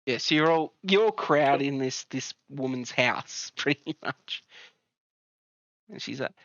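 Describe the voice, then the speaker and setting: A man running a tabletop game as game master, describing scenes in a relaxed, rambling way with many fillers. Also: medium pitch, unhurried, no room sound, highs cut off.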